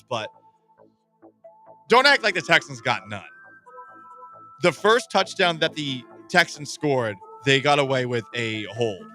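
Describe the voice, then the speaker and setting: A man hosting a sports radio show, animated and jokey, reading listener comments aloud in casual chat. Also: mid-range voice.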